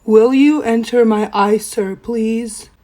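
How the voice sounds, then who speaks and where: A young woman with a hoarse, rough voice from a cold, chatting playfully through a makeup tutorial. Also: steady tone, takes it slowly, mellow. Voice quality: deep, rough voice. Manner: playful, self-mocking, chatty. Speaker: makeup vlogger. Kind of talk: casual makeup tutorial chat.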